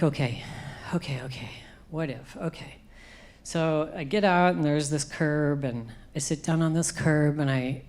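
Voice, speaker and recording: A woman's voice: low-pitched, darkish tone. A middle-aged woman giving an emotional personal testimony at a conference, acting out what she said in the past. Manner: emotional storytelling, acts out her own past speech. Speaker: conference speaker.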